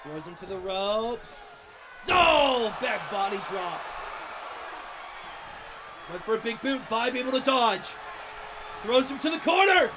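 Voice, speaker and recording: Biased wrestling commentator, man, shouting over a roaring arena crowd and loud noise. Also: very high voice, big pitch swings, slow pace, long pauses. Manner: openly biased, shouting, swearing, cheering on favorites. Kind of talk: play-by-play commentary.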